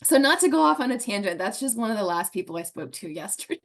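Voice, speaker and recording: A woman talks on a podcast in an earnest, emotional way, with a laugh coming through now and then. Her voice sits at a middle pitch. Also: very animated, fast, fairly bright tone. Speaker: guest. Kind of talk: podcast conversation, storytelling.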